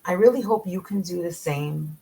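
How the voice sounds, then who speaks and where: A woman chats to her viewers in a relaxed, encouraging vlog voice that sits on the low side. Her speech carries plenty of gravelly vocal fry. She talks in an animated way and laughs easily between her tips. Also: normal speed. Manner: chatty and encouraging, addresses viewers directly. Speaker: vlogger sharing carnivore diet meal-prep tips. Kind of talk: casual talk to camera.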